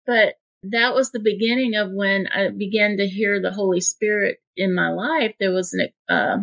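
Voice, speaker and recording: A woman's voice: medium pitch, steady tone, moderate pace, gravelly, a bit bright, highs cut off. A woman in her fifties, a guest in an interview, earnestly telling a heartfelt personal story. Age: 50s.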